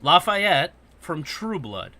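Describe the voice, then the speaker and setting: A man's voice: a little high, slow pace. A man hosting a casual podcast, telling stories and ranting with lots of swearing. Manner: profane, animated ranting storyteller. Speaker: podcast host.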